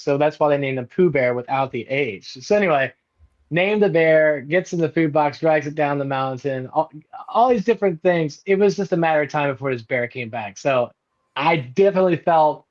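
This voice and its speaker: A podcast guest tells a camping story in casual chat at a moderate pace, and the audio sounds dull. He's animated, acting out the people he quotes with big jumps in pitch.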